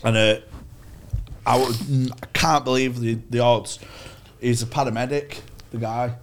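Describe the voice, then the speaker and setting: A man's voice: medium pitch, steady tone, measured pace. A man, telling rambling, sweary anecdotes on a podcast. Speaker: podcast co-host. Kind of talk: casual storytelling chat.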